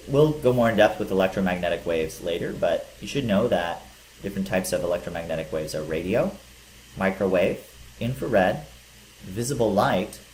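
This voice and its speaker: A man's voice: sits low, darkish tone. A male teacher giving a physics lecture, explaining step by step with some fillers. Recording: echoey room with faint hiss.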